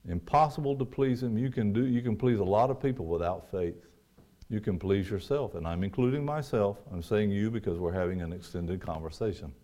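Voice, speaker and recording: A man preaching a sermon, rising to loud emphatic peaks and dropping to quiet, low asides. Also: brisk.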